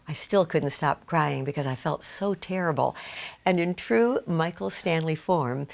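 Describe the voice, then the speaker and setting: A woman's voice: on the low side, vocal fry. Woman telling a tribute anecdote. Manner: earnest anecdotal storytelling. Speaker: former TV co-host. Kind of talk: scripted tribute storytelling.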